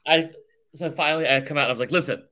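A man's voice: on the high side, fairly even intonation, racing, bright, forceful tone. A male podcast co-host telling a rambling, sarcastic story in casual chat, saying "like" constantly. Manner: rambling, sarcastic, heavy use of "like".

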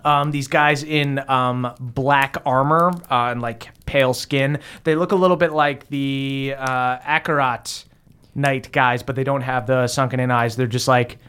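A man narrating a tabletop game as game master, describing scenes at an unhurried pace with many fillers. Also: mid-range voice, steady tone, a bit bright, clear, resonant tone.

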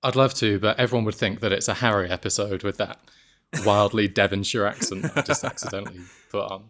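A man's voice: fairly low pitch, quick pace, fairly bright tone. A man hosting a podcast in casual chat, laughing often and poking fun at himself. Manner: laughs often, self-deprecating. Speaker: podcast host. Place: apartment in Mexico.

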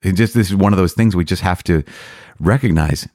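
Priest, male host, deep voice, earnest and eager teaching delivery with repetitions, dry studio sound. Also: a little fast, warm tone, dry recording. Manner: earnest, enthusiastic, with frequent restarts and repetitions. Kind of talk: catechism commentary.

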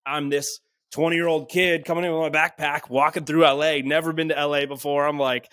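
A man in his twenties, from a small town in Canada, talking as a podcast guest. He tells his story in a lively, casual way and acts out the dialogue he quotes. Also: fairly high pitch, a little fast, no echo. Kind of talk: animated storytelling in conversation.

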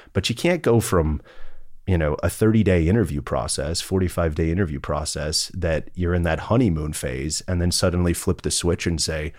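A man's voice: sits low, a little mellow, no echo, studio quality. A man, a partner at an executive search firm, speaking in a conversational interview with an earnest, polished business manner.

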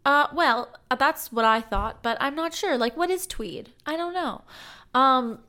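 A woman's voice: sits high, measured pace, sharp tone. A woman co-hosting a casual chat podcast, from Canada, rambling and playful with lots of fillers. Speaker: podcast co-host.

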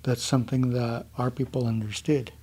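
A calm, laid-back young man from the United States, telling a traditional story to a gathering. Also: mid-range voice, moderate pace, husky.

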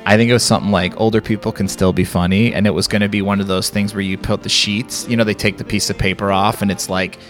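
Low-voiced Chicago-accented man rambling. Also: fairly even intonation, quick pace, hardly any pauses, fairly bright tone, faint music behind. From Chicago area. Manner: rambling, many restarts and fillers. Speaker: podcast co-host. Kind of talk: casual chat.

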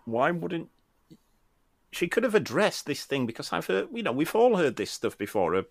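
Guy coach on a podcast, lively up-and-down voice, bit of fry, dry close sound. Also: a little high, moderate pace, dry recording. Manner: animated, restarts often, acts out quotes. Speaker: tennis coach and podcast co-host. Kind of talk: casual podcast discussion.

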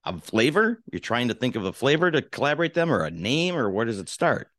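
A man's voice: medium pitch, sing-song, fairly quick, fairly bright tone. A man co-hosting a casual podcast, chiming in with short reactions and easygoing questions. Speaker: podcast co-host.

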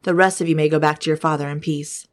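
A woman's voice: low-pitched, fairly even intonation, quick pace, lightly acted. A woman reading the part of Joseph, a powerful man giving firm commands. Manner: firm, commanding read-aloud delivery.

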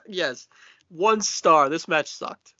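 A man with a fairly high voice chimes in on a wrestling recap in a relaxed, easygoing way and laughs often. His audio sounds muffled and lo-fi. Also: drawn-out words. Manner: laid-back, laughs often. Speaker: podcast co-host. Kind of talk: casual wrestling recap chat. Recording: dull lo-fi podcast audio.

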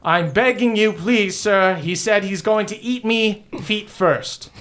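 A man's voice: high-pitched, slow, fairly bright tone, voice pushed up. A man voicing a terrified male envoy who stammers and begs as he delivers a threat. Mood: pleading. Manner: stammering, pleading.

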